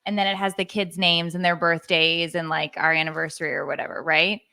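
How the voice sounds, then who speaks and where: A woman's voice: fairly low pitch, flat delivery, fairly quick, creaky, pushed and bright. A woman in her thirties co-hosting a parenting podcast, chatting casually and laughing easily. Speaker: podcast co-host. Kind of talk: casual chat.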